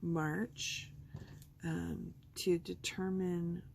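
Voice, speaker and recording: A woman's voice: on the low side, level tone, drawn-out words, creaky, darkish tone, slight background noise. A woman hosting a craft video, chatting casually and thinking aloud as she works at her table. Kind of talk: casual chat while crafting.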